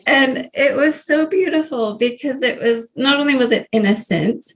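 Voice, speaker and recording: A woman in her thirties, a grief coach, telling her story in a podcast interview, earnest and warm, with soft laughs between sentences. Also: sits high, normal speed. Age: 30s.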